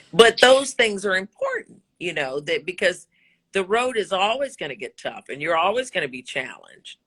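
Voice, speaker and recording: A woman's voice: mid-range voice, huge pitch swings, a little slow, fairly bright tone, slightly rough. A woman in her sixties, a broadcaster and voice actor, talking candidly and emphatically in an interview, preaching motivation and swearing freely.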